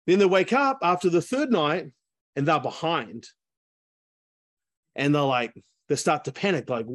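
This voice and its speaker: A man's voice: fairly high pitch, lively intonation, unhurried, long pauses, a bit bright, no echo, studio quality. A man telling a story in a casual, chatty way, full of asides, over a video call. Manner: chatty, lots of fillers and asides. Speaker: speaker.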